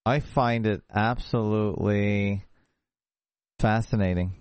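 Man, show host, low voice, dry close sound, halting casual talk, video call. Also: fairly even intonation, clear, resonant tone, dry recording, muffled recording. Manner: halting, restarts often.

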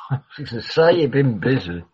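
A man's voice: medium pitch, big pitch swings, moderate pace, a little mellow, a little hiss or hum. Rambling, swearing man on a dull lo-fi stream. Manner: rambling, swears freely, trails off mid-sentence. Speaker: livestream host. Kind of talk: casual rambling chat. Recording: dull lo-fi recording.

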